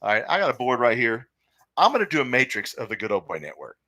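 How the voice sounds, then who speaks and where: A man's voice: medium pitch, huge pitch swings, quick pace, pushed and bright, no echo, studio quality. A man hosting a live sports talk stream, opinionated and rambling, reading viewer comments aloud. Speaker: podcast host.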